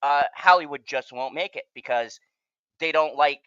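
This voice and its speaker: A man's voice: a little high, moderate pace, bright, forceful tone, smooth, no room sound, lo-fi sound. A man hosting a casual podcast chat, telling a rambling story and swearing freely. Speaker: channel host.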